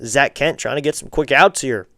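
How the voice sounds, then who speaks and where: A man's voice: mid-range voice, moderate pace, sharp tone, no echo, studio quality. A man doing casual play-by-play of a baseball game for a live stream, chatting with viewers and asking them for likes and subs.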